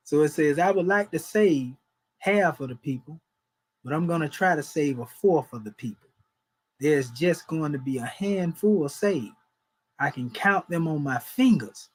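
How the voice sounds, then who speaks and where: A man's voice: fairly high pitch, rough recording. A man, preaching in a folksy, emphatic way and chuckling between points. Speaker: religious teacher. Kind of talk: informal preaching.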